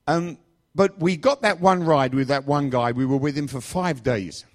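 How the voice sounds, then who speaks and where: A man's voice: a little high, moderate pace. A middle-aged man from England preaching in a chatty, joking storytelling style. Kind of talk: storytelling sermon.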